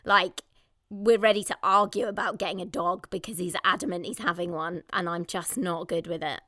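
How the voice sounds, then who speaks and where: A woman co-hosting a casual podcast, expressive and quick to laugh. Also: on the low side, dry recording, clean studio sound. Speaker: podcast co-host. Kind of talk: casual chat.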